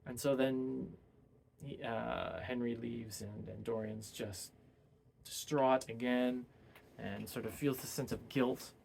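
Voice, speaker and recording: A man's voice: mid-range voice, fairly even intonation, slow pace, creaky, a little mellow, slight background noise. A man casually retelling a novel's plot as a book reviewer, rambling and full of hesitant fillers.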